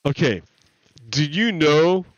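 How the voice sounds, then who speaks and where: A man's voice: fairly high pitch, animated, slow, no echo, dull audio. A man streaming, retelling stories in a rambling, profane way full of restarts. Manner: rambling, profane, self-correcting. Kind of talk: casual rambling storytelling.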